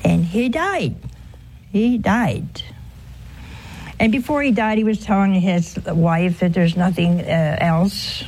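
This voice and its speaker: A woman in an informal religious broadcast, telling a story earnestly and with emphasis, sometimes dropping to a hushed voice. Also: medium pitch, takes it slowly. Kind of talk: informal spiritual talk with a story.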